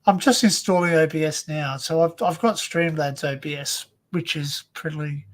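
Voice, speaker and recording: A man's voice: on the high side, fairly even intonation, moderate pace. A man co-hosting a casual live-stream chat, rambling through stories with stumbling restarts. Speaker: co-host.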